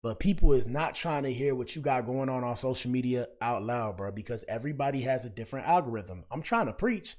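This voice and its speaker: A man's voice: medium pitch, lively intonation, fairly quick, few pauses, darkish tone. Slangy podcast host man, preachy. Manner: slangy, preachy, repeats himself. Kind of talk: casual commentary monologue.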